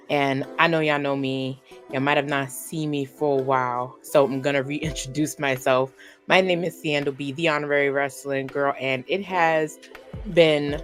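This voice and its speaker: A woman hosting a podcast, talking in a casual, animated, rambling way with lots of fillers. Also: extremely low pitch, normal speed, faint music behind. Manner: animated, rambling, says "like" often. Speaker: podcast host.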